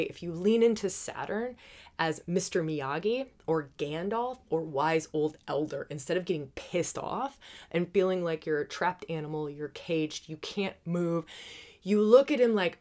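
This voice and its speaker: A woman hosting an astrology forecast, talking fast and excitedly, laughing often and dropping into soft whispers. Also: lowish voice. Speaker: astrologer and podcast host.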